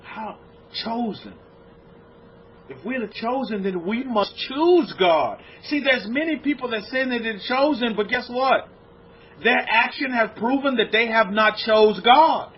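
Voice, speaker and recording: High husky guy preaching a sermon, big rhetorical questions, loud then real quiet, muffled lo-fi sound. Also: measured pace, a little hiss or hum. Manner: emphatic, rhetorical questions, swings from loud exclamations to low hushed lines. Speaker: rabbi teaching a congregation. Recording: dull lo-fi recording.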